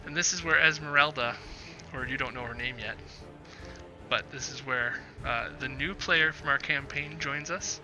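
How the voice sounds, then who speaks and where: A man's voice: medium pitch, normal speed, music in the background. A man narrating as game master in a tabletop game, describing scenes with frequent fillers and restarts.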